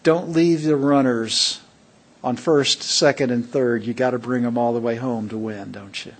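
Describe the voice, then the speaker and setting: A man's voice: mid-range voice, steady tone, moderate pace. A man preaching a sermon to a worship assembly, emphatic and fond of rhetorical questions to the congregation.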